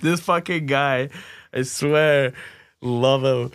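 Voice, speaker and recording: A man's voice: medium pitch, slow pace, smooth, dry recording, clean studio sound. A man co-hosting a casual podcast, telling stories in a rambling, laughing way and swearing freely. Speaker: podcast co-host. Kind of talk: casual storytelling banter.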